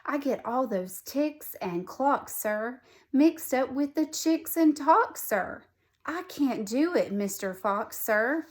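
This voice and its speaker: Storybook role: flustered tongue-tied man, polite and fretful, read by a woman, slow delivery. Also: high-pitched, expressive.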